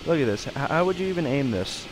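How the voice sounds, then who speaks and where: A young man narrates a video game playthrough with crude jokes and frequent swearing. His pitch is lively and he breaks into sudden loud shouts. There is a faint hiss behind him. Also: quick pace. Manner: joking, profane, bursts into shouts. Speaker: gamer. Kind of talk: let's play commentary.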